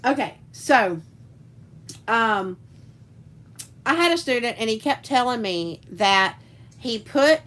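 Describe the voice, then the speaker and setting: A woman's voice: on the high side, lively intonation, slow pace, pauses often, a bit bright, rough recording. A woman hosting a casual live stream. She chats, reads out viewer comments and tells rambling stories, with frequent laughs. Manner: chatty, rambling storyteller who laughs often. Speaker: livestream host and teacher.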